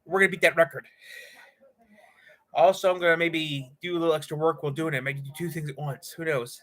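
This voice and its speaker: A man's voice: a little high, fairly even intonation, a little fast, a bit bright. A man hosting a casual live stream from a cold room in a house, rambling with hesitant fillers. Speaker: livestream host.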